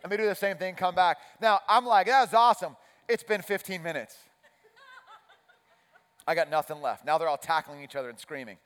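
A man's voice: on the high side, fairly even intonation, fairly quick, long pauses, fairly bright tone, clear, resonant tone. A man preaching a sermon, telling a self-mocking story and acting out his own chipper coach voice. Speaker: pastor. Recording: long reverb of a large hall.

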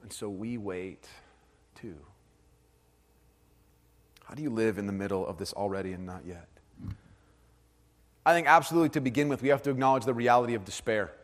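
A man in his thirties preaching a sermon, earnest, moving between hushed and animated storytelling. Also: on the low side, brisk, long pauses. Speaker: pastor. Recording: hall with long reverb.

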